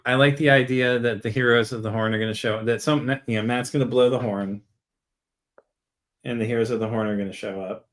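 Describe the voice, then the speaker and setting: A man's voice: medium pitch, fairly even intonation, fairly quick. A man co-hosting a casual book chat, offering theories in a wry, laid-back way. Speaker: podcast co-host.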